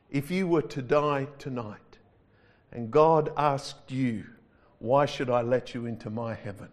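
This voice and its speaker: Male pastor, slow wry sermon delivery, slightly higher voice. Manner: conversational, wry, drawn-out emphasis.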